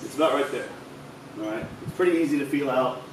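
A man's voice: medium pitch, quick pace, background noise. Chatty man in an echoey room. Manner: loose and chatty, swears casually. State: slightly out of breath. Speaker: fitness vlogger. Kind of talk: casual instructional talk. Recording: echoey room, mic at a distance.

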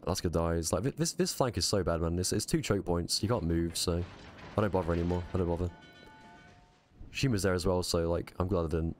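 A man streaming a naval battle game live, muttering quick reactive commentary to himself with a strained voice. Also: deep voice, faint music behind.

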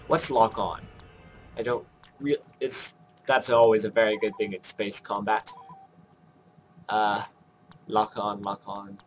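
A man giving casual let's-play commentary, joking at his own mistakes and thinking out loud as he plays. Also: on the low side, level tone, slow pace, pauses often, slight background noise. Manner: jokey, self-mocking, thinks aloud while playing. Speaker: gameplay commentator.

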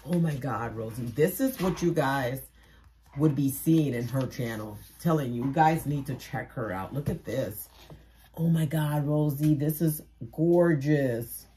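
A woman vlogging as she unboxes craft mail, gushing and exclaiming, repeating herself, and swinging from soft murmurs to loud squeals. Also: extremely low pitch, unhurried, slight background noise. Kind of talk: casual unboxing chat to camera.

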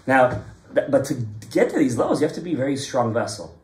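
Lively man teaching a Torah class. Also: medium pitch, quick pace, roomy sound. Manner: lively storytelling, mixes in Hebrew and Kabbalah terms. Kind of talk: informal Torah class with a group.

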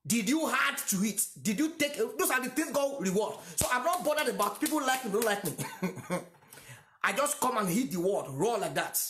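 A man's voice: very high-pitched, expressive, normal speed, fairly bright tone, reverberant, slight background noise. A Nigerian-accented man whose first language is Yoruba, preaching a sermon emphatically and repeating lines for stress. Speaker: pastor.

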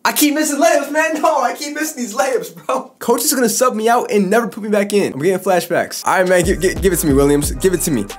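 A young man giving hyped, trash-talking commentary over his basketball video game, reacting fast to every play. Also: high voice, breathy edge, faint music behind. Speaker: gaming YouTuber. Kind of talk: excited gameplay commentary.

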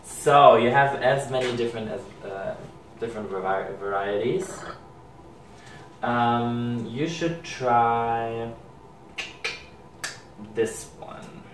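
A man from Germany with a German accent, explaining candy in halting English as he searches for words. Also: medium pitch. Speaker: guest. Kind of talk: casual chat, explaining candy. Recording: echoey room, far from mic, clear noise.

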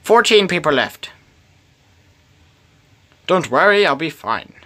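A man's voice: fairly high pitch, big pitch swings, slow pace, bright, forceful tone. A man giving solo gameplay commentary, talking to himself in a pleading, playful way. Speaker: gamer.

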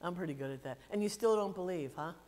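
A woman pastor reading scripture and then giving a gentle children's sermon, playfully asking the children questions. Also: fairly low pitch, quick pace. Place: church sanctuary. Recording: long church reverb.

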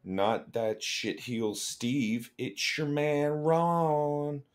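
A man's voice: on the high side, steady tone, drawn-out words, pitched above the performer's own voice. A man voicing a rowdy male forest ranger with a put-on Southern accent, reading letters aloud in a drawl. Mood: joking.

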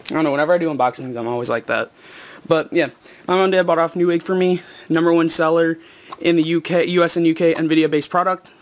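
A teenage boy, out of breath and excited, rambling with lots of ums and self-corrections in a casual unboxing vlog. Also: a little high, fast talker. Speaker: gaming video maker.

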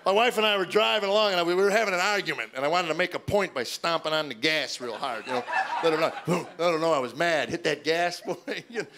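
A man's voice: on the high side, fast talker. A middle-aged man performing a stand-up comedy routine on stage before a live audience, telling stories and acting out other people's voices. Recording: noisy live recording with audience laughter.

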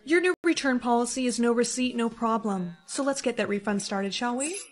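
A young woman acting the lead in short comedy POV skits, with expressive, quick reactions. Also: fairly high pitch. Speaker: skit creator playing the lead teen girl.

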